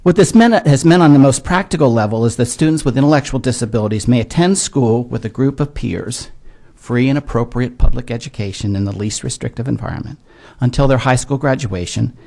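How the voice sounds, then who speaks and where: A man in his sixties, a disability education expert, testifying to legislators in a measured, earnest way with frequent filler words. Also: medium pitch, gravelly, mellow. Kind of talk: formal testimony. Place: legislative hearing room.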